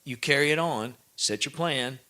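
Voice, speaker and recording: A man's voice: mid-range voice, normal speed, pushed and bright. A man speaking at a live event, giving blunt, preachy advice and checking that his listeners follow.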